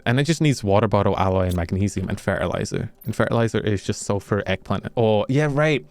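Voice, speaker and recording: A man's voice: lowish voice, animated, fast talker, no room sound, soft background music. A young man from the UK, a streamer chatting casually and rambling in a jokey, self-mocking way while he plays. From United Kingdom. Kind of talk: casual chat while gaming.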